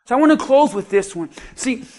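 A man preaching a sermon, dropping to hushed asides and rising to laughing shouts as he acts out quotes. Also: very high voice, expressive, fairly quick. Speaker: pastor.

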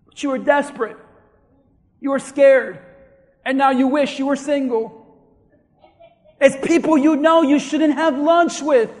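A male pastor preaching a sermon, swinging between shouted emphasis and quiet asides. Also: very high voice, a little slow, long pauses, big-room sound.

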